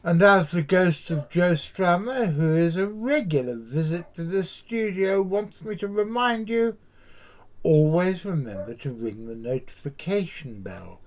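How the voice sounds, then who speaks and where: A man's voice: high voice, animated, a little slow. A man, hosting a show and talking in a rambling, chatty monologue full of musing asides. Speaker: podcast host. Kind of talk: casual monologue to camera.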